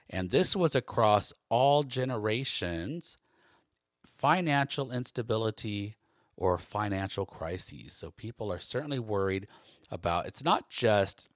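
A man's voice: on the low side, dry recording, clean studio sound. An American man hosting a solo podcast, talking in a loose, conversational way with many fillers and restarts. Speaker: podcast host.

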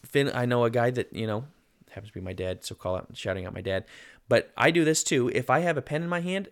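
A man's voice: mid-range voice, expressive, fast. A man in his thirties co-hosting a casual podcast, earnest and self-deprecating, with plenty of fillers. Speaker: podcast co-host.

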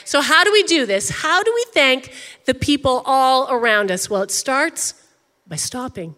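A woman's voice: high-pitched, lively intonation, normal speed, pushed and bright, long reverb tail. A woman pastor preaching a sermon in a conversational, emphatic way, often saying "like".

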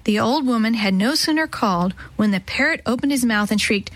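A woman reading a children's story aloud in a gentle, expressive way, giving each character a voice. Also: mid-range voice, normal speed, no room sound, poor audio.

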